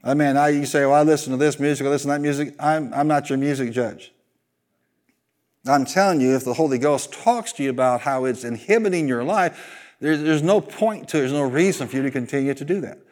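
Man, pastor, sermon, mid-pitched voice, animated, call-and-response. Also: brisk. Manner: animated preaching with call-and-response, jokes and sung asides.

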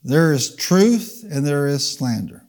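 A man's voice: a little high, sing-song, slow, a little mellow. A man preaching a sermon, leading the congregation in call-and-response and changing his pace for emphasis. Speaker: pastor. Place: church.

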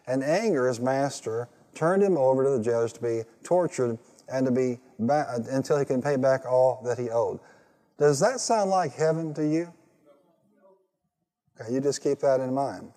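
A man's voice: medium pitch, normal speed, dark tone. Preaching man in a reverberant hall. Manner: call-and-response preaching, rising to emphatic peaks. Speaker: pastor. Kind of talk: sermon.

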